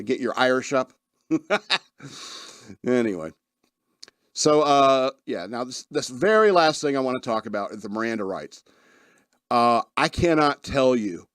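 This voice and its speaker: A man's voice: mid-range voice, no room sound, studio quality. A man hosting a radio podcast in a casual monologue, rambling and laughing often as he acts out the people he describes. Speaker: podcast host.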